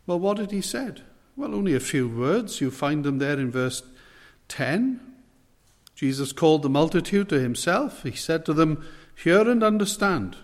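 A man preaching a sermon, emphatic and slowing down to stress key phrases. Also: fairly high pitch, sing-song, in a large hall.

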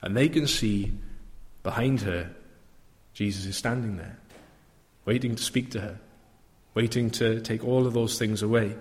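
A man's voice: lowish voice, unhurried, long pauses, long reverb tail. A male preacher giving an earnest sermon that rises to fervent proclamation.

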